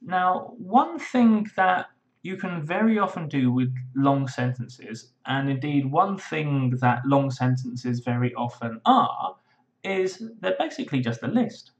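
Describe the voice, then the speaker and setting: A man's voice: medium pitch, lively intonation, slow pace, lo-fi sound. A man teaching legal English writing in a webinar, explaining patiently and thinking aloud with frequent fillers and restarts. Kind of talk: webinar lesson.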